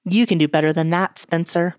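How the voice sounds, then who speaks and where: A stiff, irritable older detective who snaps curtly, as a woman reads him in a low voice. The storybook reading sounds dry and close. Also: steady tone, a little fast, dry recording, close to an everyday voice. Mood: stern. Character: stern grumpy older male detective.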